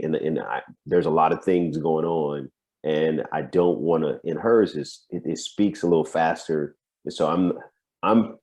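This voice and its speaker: A man's voice: extremely low pitch, a little mellow. A man, a coach, chatting casually over a video call, musing and laughing between points. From United States.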